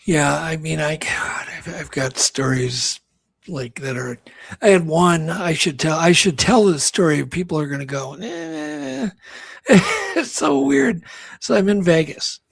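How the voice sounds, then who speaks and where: A man's voice: on the high side, normal speed, vocal fry, fairly bright tone, breathy edge, no echo. A man co-hosting a talk show, rambling through a story with many restarts and acted-out quotes. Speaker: co-host. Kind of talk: casual storytelling chat.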